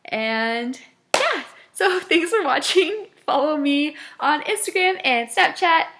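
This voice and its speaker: Animated woman telling work stories. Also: high voice, slow pace, noisy background. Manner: animated, laughs often, acts out customers. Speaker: vlogger and former fast food worker. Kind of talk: casual storytelling to camera.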